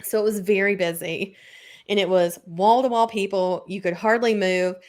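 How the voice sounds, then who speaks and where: A young woman chats casually on a podcast, spinning a long anecdote. She talks in a loose, rambling way, leaning on "like" and laughing easily. Her voice sits at an everyday middle pitch. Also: fairly even intonation, moderate pace, a little mellow. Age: 20s. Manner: chatty storyteller, lots of "like" and laughs. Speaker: podcast co-host. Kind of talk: casual chat.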